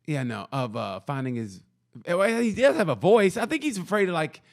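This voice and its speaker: A man co-hosts a loose comedy podcast with a lively, swooping voice that sits a little high. He tells stories full of profanity and acts out each quote. He restarts his sentences often. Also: moderate pace. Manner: animated storytelling with acted-out quotes. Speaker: podcast co-host. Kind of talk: casual comedy podcast chat.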